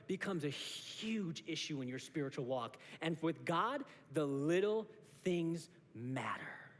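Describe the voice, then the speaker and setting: A man in his thirties preaching a sermon as pastor, animated, acting out short exchanges with God. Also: high-pitched. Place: church auditorium. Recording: long reverb of a church hall.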